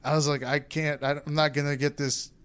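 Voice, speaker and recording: A man's voice: a little high, flat delivery, fairly quick, fairly bright tone, clean tone. A young man casually telling a rambling, candid personal story in a podcast chat, acting out what people said.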